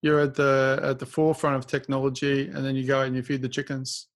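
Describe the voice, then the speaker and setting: A man's voice: medium pitch, monotone, fast. A man hosting a podcast, chatting casually with a guest in a playful, teasing way and laughing easily. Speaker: podcast host. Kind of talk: casual interview chat.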